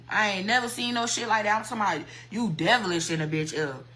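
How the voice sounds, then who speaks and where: A woman's voice: medium pitch, quick pace, few pauses, fairly bright tone, rough recording. Heated, profane woman ranting live. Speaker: hairstylist on a livestream. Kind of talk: livestream rant.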